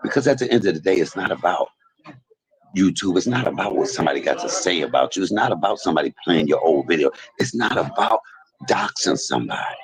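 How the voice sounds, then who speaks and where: Animated man streaming from a hospital bed. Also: low voice, fast, poor audio. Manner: preachy, animated, repeats himself. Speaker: livestream host. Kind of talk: casual live stream talk. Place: hospital emergency room bed.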